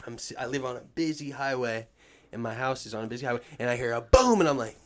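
A man telling a long story in casual, profane talk, acting out what people said with big swings in voice. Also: quick pace. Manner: animated, acts out quotes with swings in pitch and volume. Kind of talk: casual storytelling with heavy swearing.

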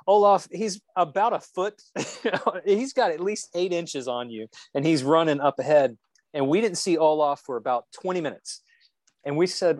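A man co-hosting a podcast, telling an anecdote in a steady, wry way. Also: on the high side, moderate pace, no room sound. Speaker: podcast co-host. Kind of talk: casual podcast storytelling.

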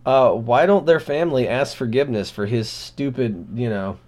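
Sardonic, animated male podcast co-host. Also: medium pitch, moderate pace. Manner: animated storyteller, sardonic and irreverent. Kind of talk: casual podcast chat.

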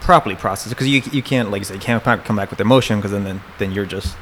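A man's voice: fairly low pitch, very fast, fairly bright tone, slight background noise. A man in casual conversation who talks agreeably and often trails off mid-thought.

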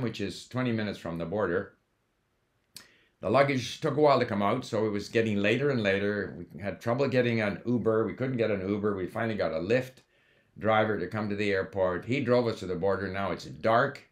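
A man with a somewhat low voice talks in a relaxed, conversational monologue. He is older and from Canada, and he drifts into side stories, dropping in fillers and restarting sentences as he goes. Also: a little fast. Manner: conversational, digressive, with fillers and self-corrections. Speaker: language learning host. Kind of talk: casual monologue.

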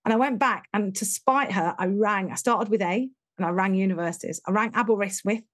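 A woman's voice: mid-range voice, a little fast, a bit bright. A middle-aged English woman, a guest in an interview, telling her life story frankly and animatedly, acting out the people she quotes.

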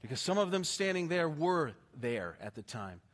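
A male pastor preaching a sermon with passion, swinging from hushed, slow lines to emphatic ones. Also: fairly high pitch, big pitch swings.

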